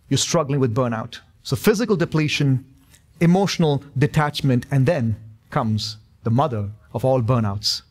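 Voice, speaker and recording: A male pastor in his thirties preaching a sermon in a church, emphatic and repetitive, with touches of humor. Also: fairly high pitch. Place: church sanctuary.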